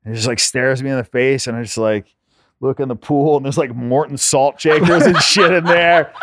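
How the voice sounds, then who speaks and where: A man's voice: mid-range voice, steady tone, normal speed, fairly bright tone. Laid-back, profane male podcast guest. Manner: profane, laid-back, heavy use of filler words. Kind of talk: casual storytelling.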